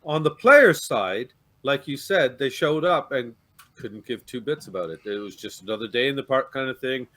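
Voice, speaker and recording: Bright-voiced dejected Canadian man ranting. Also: mid-range voice, lively intonation, moderate pace. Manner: ranting, swearing, stammering restarts. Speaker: fan guest on a fan show. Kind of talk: heated fan-show chat.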